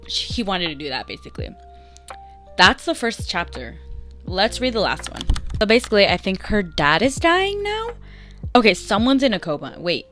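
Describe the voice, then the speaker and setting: A young woman casually reading and recapping a story aloud, chatty, and acting out the lines of dialogue in animated bursts. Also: medium pitch, moderate pace, faint music behind. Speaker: vlogger reading fanfiction aloud.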